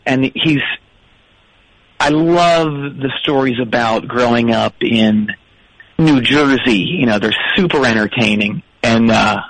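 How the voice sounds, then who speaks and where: Guy calling in, rambles and restarts a lot, middle pitch, dry. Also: takes it slowly, fairly bright tone, no room sound, poor audio. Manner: rambling, hesitant storyteller. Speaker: caller. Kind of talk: casual phone-in chat.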